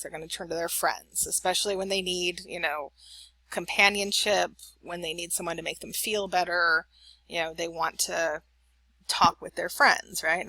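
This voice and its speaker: A woman's voice: on the low side, sharp tone, no echo. A middle-aged woman giving a recorded college lecture in a chatty, anecdotal way, often checking in with "right?".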